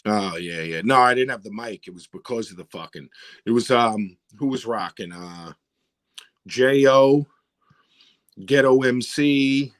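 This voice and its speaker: A man's voice: mid-range voice, measured pace, no echo. A man telling a bar story in casual chat, swearing often and acting out the other people's lines. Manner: animated, swears often, acts out quotes. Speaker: rapper guest.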